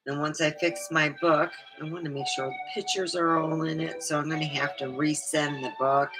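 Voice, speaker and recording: A woman's voice: low-pitched, fairly even intonation, normal speed, poor audio. A middle-aged woman vlogging in a meandering, chatty way, full of fillers. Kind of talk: rambling casual livestream chat. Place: home studio. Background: faint background music.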